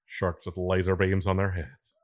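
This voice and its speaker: A man's voice: deep voice, monotone, normal speed, dry recording. A young man co-hosting a casual chat, joking around and often breaking into laughter. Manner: jokey, laughs often, restarts sentences.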